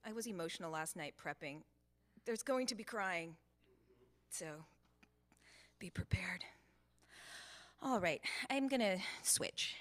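A woman from the United States, a guest preacher giving a conversational sermon in a church, chatty and informal with frequent ums and quick asides. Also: mid-range voice, expressive, a bit bright. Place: church sanctuary with a congregation, also streamed to Zoom.

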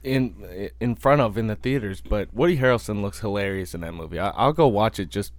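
A man co-hosting a casual podcast, halting and hedging as he searches for words. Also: fairly low pitch, dry recording. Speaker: podcast co-host.

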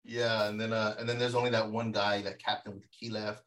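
A man co-hosting a casual podcast, excitedly retelling film scenes with lots of fillers and acted-out quotes. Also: fairly low pitch, brisk. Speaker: podcast co-host. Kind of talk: casual film rewatch chat.

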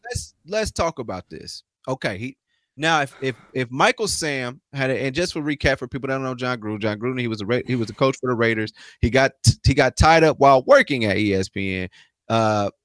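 A man's voice: medium pitch, animated, brisk, a bit bright, no echo. A man co-hosting a casual sports talk podcast, speaking loosely in slang with frequent restarts. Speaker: podcast co-host.

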